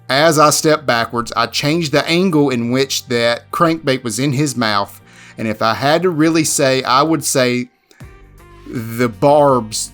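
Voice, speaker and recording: Halting man narrating a fishing recap. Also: medium pitch, fairly bright tone. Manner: halting, repeats words as he restarts. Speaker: fishing vlogger. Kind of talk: voice-over recap.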